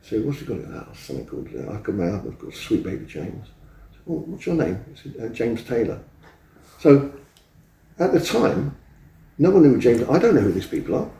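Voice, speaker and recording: A man's voice: mid-range voice, big pitch swings, brisk, vocal fry, warm tone. A man in his seventies, an interview guest telling rambling anecdotes and acting out the dialogue he remembers. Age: 70s. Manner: rambling, acts out quoted dialogue. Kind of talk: anecdotal storytelling. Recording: roomy echo, distant mic.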